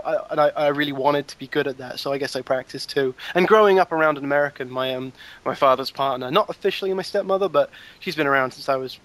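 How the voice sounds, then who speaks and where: A man's voice: mid-range voice, fairly bright tone. A man in his twenties from the southwest of England with a southern English accent, chatting as a guest, rambling with many restarts and fillers. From Wiltshire, England. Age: 20s. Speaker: guest animator. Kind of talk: casual conversational interview.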